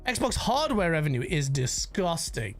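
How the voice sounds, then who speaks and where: A woman's voice: sits low, sing-song, a little slow, soft background music. A woman giving casual, rambling livestream commentary on gaming news, swearing freely and reacting to chat messages.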